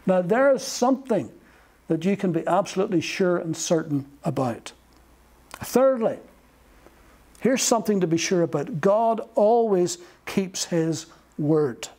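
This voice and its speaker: Slow, emphatic preacher, high voice. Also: male voice, expressive, dark tone. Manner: slow, emphatic delivery with long pauses. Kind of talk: sermon.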